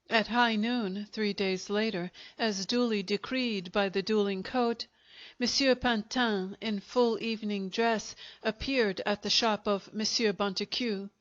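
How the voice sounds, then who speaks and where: In a dull, lo-fi recording, a medium-pitched female narrator reads a short story from a script. Her audiobook-style storytelling stays steady and measured.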